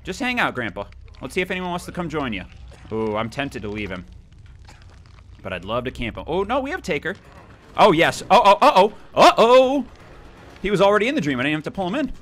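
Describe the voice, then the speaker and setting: Young male let's-player, bright and animated, gleefully taunting and yelling. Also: a little high, fast talker, pauses often. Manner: playful taunting, excitable outbursts. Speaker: gaming YouTuber. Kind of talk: let's play commentary.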